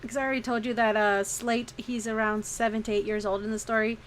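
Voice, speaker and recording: Woman streamer, higher voice, casual and frank, swears freely. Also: flat delivery, fast, slight background noise. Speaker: streaming artist. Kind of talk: casual chat during a drawing stream.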